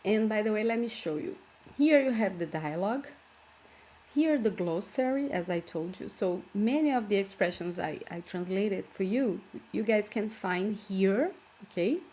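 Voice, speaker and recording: A woman's voice: mid-range voice, lively intonation, a little slow, warm tone. A woman with a Brazilian Portuguese accent, a native Portuguese speaker, patiently explaining words step by step in an online language lesson. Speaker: language teacher.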